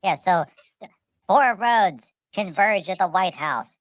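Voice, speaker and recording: A woman's voice: on the low side, expressive, slow pace, dry recording, rough recording. A woman telling long comic stories in casual chat, repeating words, restarting, and acting out the people in them. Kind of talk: rambling comic storytelling.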